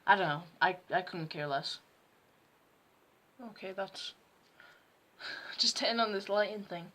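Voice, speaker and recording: A woman's voice: mid-range voice, slow pace, fairly bright tone. A teenage girl telling rambling, self-mocking stories to camera at home. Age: teens. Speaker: vlogger. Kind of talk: casual storytime chat to camera.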